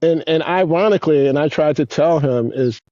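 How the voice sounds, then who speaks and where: A man in his fifties, a guest on an interview show, telling rambling, profane stories in a casual, animated way. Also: a little high, a little fast, no echo, highs cut off. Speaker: guest, former pro skateboarder. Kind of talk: casual storytelling.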